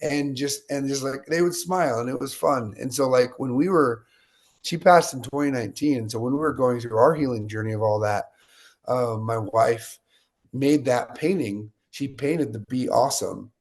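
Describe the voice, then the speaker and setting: Gravelly-voiced man telling stories. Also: mid-range voice, moderate pace. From United States. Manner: energetic, animated storyteller acting out quotes. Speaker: guest. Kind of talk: interview storytelling.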